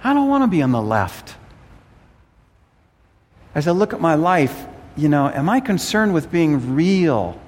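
A man's voice: a little high, sing-song, unhurried, pauses often, darkish tone, big-room sound. A man preaching an earnest sermon, often repeating words as he works out a thought. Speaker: pastor.

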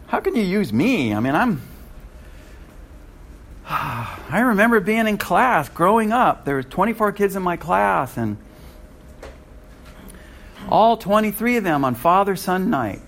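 Male preacher, animated and chuckly, pitch swings widely, sits a bit high for a man. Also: slow pace, long pauses. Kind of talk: sermon.

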